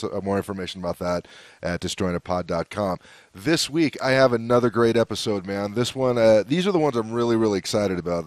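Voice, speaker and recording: A man's voice: on the low side, no echo. A man from the United States hosting a podcast, talking in a loose, chatty way with many fillers and restarts. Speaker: podcast host. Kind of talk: casual interview chat.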